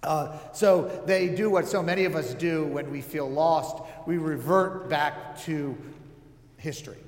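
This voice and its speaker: A man delivers a conversational sermon at a measured pace, casual and full of fillers and wry, joking asides. His voice is a little high for a man, and the echoey hall he's recorded in leaves a long, roomy reverb tail.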